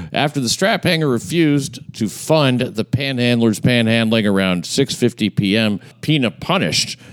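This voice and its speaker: A man's voice: fairly low pitch, clean tone. A man hosting a casual chat, reading out a news item and making wry joking asides. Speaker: host.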